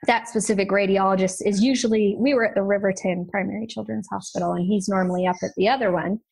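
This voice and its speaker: A woman, a mother and podcast guest, earnestly retelling a hard family story in a quick, tumbling way with restarts. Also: mid-range voice, fairly even intonation, gravelly, a little mellow, breathy edge, low-quality recording. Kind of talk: emotional personal storytelling.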